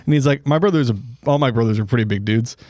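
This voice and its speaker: A man at an ordinary middle pitch telling a rambling story, full of fillers and acted-out voices. His voice sounds close and dry, with no room around it. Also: fast, darkish tone, dry recording. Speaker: podcast host or guest. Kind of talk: casual storytelling.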